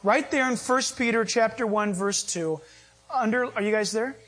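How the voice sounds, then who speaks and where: A man pastor preaching a sermon to a live congregation in a conversational style, jumping into sudden high emphatic bursts. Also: moderate pace, fairly bright tone. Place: church with live audience.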